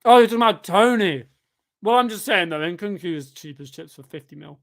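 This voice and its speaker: A young man, pitched a little above most men, talks through a live football stream while reading chat aloud. He sounds tired and rambles casually, then breaks into excited shouts whenever the match heats up. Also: a little fast. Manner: chatty, bursts of excitement at the game.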